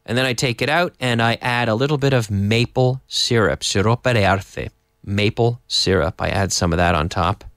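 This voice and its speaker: A man teaching a live online English lesson, explaining slowly and adding Spanish glosses. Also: fairly low pitch, a bit bright, no echo, clean studio sound.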